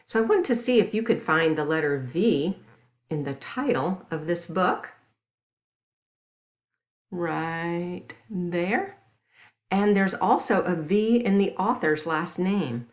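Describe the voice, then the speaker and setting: A woman librarian reading a storybook aloud to young children, gentle and expressive. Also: deep voice.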